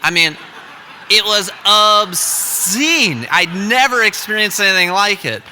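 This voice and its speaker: A man's voice: sits high, animated, slow pace, bright, forceful tone, in a large hall, slight background noise. A young man telling a comic, self-deprecating story live on stage.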